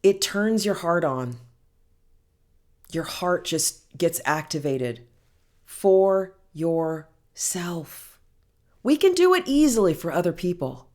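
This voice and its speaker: Soft slow woman coach, lowish voice, gentle and soothing, calls you honey. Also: animated. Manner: gentle, soothing, speaks softly and slowly; affectionate, calls listener honey and girl. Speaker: healing coach. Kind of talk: slow heartfelt self-help talk.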